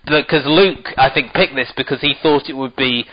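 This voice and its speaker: A man's voice: mid-range voice, moderate pace, highs cut off, a little hiss or hum. A man co-hosting a casual review chat, hedging and restarting often as he explains his view. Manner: hedging, restarts, many "sort of" fillers. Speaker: podcast co-host.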